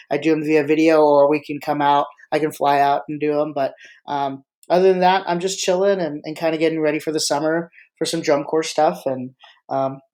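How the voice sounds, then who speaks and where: Here the voice is mid-range and a little mellow. The speaker, a freelance choreographer for the marching arts, is hosting a casual live podcast, joking, rambling, and breaking into their own sentences with many restarts.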